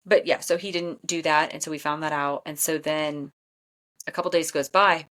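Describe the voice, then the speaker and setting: A woman in her thirties hosts a podcast, telling stories in a casual chat. She speaks bluntly and with animation, laughing often. Her voice sits somewhat low for a woman. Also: steady tone, normal speed, a bit bright. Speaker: podcast host and Enneagram coach.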